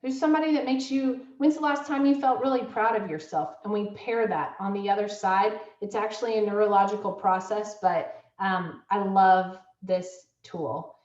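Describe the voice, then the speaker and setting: Speaking at normal speed with hardly any pauses, a middle-aged woman with a medium-pitched, slightly mellow voice runs a parent workshop online as a school counseling director. Her delivery is chatty and filler-heavy, and she acts out parent-child exchanges, captured on dull, roomy, faraway laptop audio.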